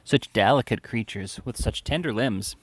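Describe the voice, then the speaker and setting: A man's voice: mid-range voice, normal speed, breathy edge, natural voice. A man reading aloud, voicing a young lad who gushes enthusiastically over a feast. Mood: gushing. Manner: gushing, enthusiastic. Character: gushing young male lad boasting over food.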